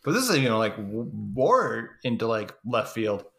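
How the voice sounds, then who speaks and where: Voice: mid-range voice, big pitch swings, normal speed, creaky, fairly bright tone. A podcast co-host in casual chat about a film, adding short comments and laughing along. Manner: chimes in with short reactions and laughs. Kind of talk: casual movie recap chat.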